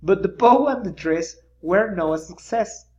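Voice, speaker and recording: A reader reads a children's picture book aloud in a slow, animated way, stopping for little pointing asides. The sound is dull and lo-fi. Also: medium pitch. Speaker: storybook reader.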